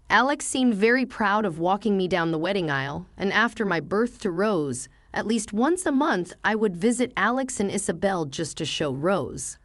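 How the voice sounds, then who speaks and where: A woman's voice: on the low side, no echo, clean studio sound. A young adult woman narrating her own story in the first person, earnest and heartfelt.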